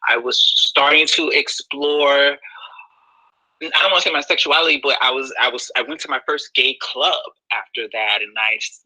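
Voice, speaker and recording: A young man telling a personal story in a casual, sassy, expressive way, full of slang. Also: medium pitch, normal speed, low-quality recording.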